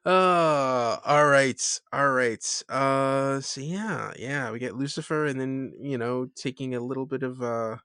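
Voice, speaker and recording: A man co-hosting a podcast in easy, casual chat. His voice is bright and forward, with a dry, close studio sound. He hesitates often, restarting phrases and filling gaps with ums. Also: mid-range voice, moderate pace, few pauses, smooth, no room sound. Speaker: podcast co-host.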